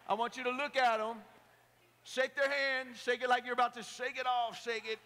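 A man preaching an energetic youth sermon, joking with the crowd and leading call-and-response. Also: very high-pitched, a little fast, slight background noise. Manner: playful, joking, rallying the crowd. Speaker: pastor. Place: large hall at a youth camp. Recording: echoey hall.

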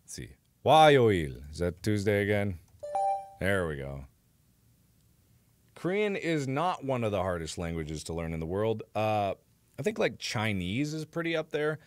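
Animated, exasperated young male streamer. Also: on the low side, moderate pace, long pauses, a little hiss or hum. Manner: exasperated, swearing, loud outbursts. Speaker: live streamer. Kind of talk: live-stream gameplay commentary.

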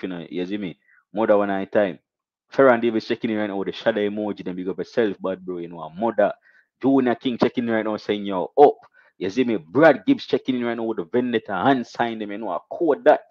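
A young Jamaican man hosting a casual live stream, shouting out viewers and reading donations with animated, repetitive catchphrases. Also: on the low side, a little fast, no echo, dull audio.

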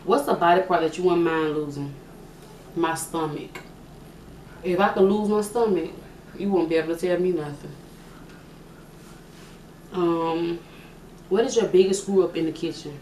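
A woman's voice: on the low side, moderate pace, pauses often. A young woman casually answering questions for her vlog, chatty and joking, often thinking aloud. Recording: echoey room, mic at a distance, faint hiss.

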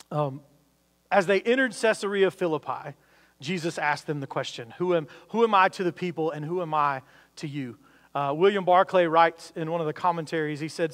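A man's voice: fairly high pitch, fairly bright tone, big-room sound. A man preaching a sermon, talking earnestly with frequent restarts and building emphasis. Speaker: pastor.

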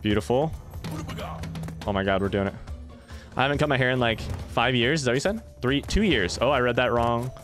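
A young man casually commenting while he plays a game and chats with viewers, breaking into yelps and shouts when things go wrong. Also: medium pitch, fairly quick, long pauses, music in the background. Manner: excitable, swings into yelps and shouts at failures; chatty with chat, reads messages aloud. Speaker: streamer playing a game. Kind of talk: casual let's play commentary.

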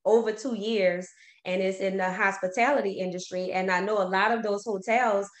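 A woman's voice: mid-range voice, fairly even intonation, normal speed. A woman with a mid-range voice co-hosts a mortgage radio show. She is down to earth and tells stories about her clients. A roomy echo hangs around her words. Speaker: mortgage lender and co-host. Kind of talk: conversational radio show talk.

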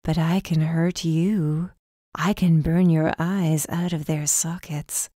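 A woman's voice: sits low, fairly even intonation, takes it slowly, mellow, no room sound, studio quality. A woman voicing a cruel young female villain who mocks and threatens in a sinister croon. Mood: menacing.

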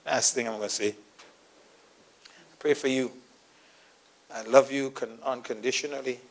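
A man pastor preaching a sermon in church, telling a personal story and acting out the dialogue, swinging from quiet asides to loud emphatic preaching. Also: mid-range voice, steady tone, measured pace. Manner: storytelling, acting out his own quoted dialogue; laughs at his own story.

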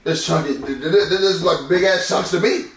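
High-voiced, fast-talking angry man. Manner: loud, profane, repeats himself. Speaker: husband in a prank vlog. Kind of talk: angry ranting argument. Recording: echoey room, mic from a distance.

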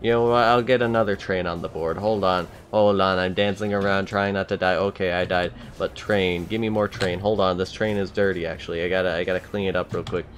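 A young man giving let's-play commentary, excitable and complaining loudly at the game. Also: deep voice, brisk, few pauses, a little hiss or hum. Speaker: gameplay streamer.

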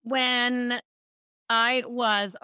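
Woman, speaking coach from Baltimore, animated storyteller, clear bright tone, dry recording. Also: on the high side, drawn-out words, no room sound. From Baltimore, USA. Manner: animated storytelling, acts out quotes. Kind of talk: casual podcast interview.

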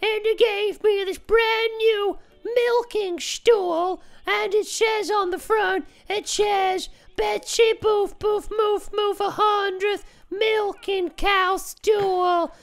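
A man voicing a cheerful, muddled farm woman who runs an ice cream parlour, speaking in a slow sing-song in an improvised game role-play. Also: extremely high pitch, steady tone, creaky, exaggerated voice. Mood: doting.

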